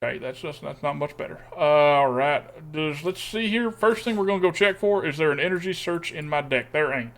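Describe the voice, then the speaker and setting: Fairly high in pitch, animated and brisk with hardly any pauses, this young man's slightly bright voice narrates his card game stream. The Texan thinks out loud, humming and muttering while he judges every play.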